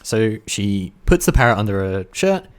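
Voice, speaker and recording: A man co-hosting a podcast, telling jokes in casual chat, animated and swearing. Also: on the low side, moderate pace. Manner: animated storyteller, swearing, laughs at his own jokes. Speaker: podcast co-host.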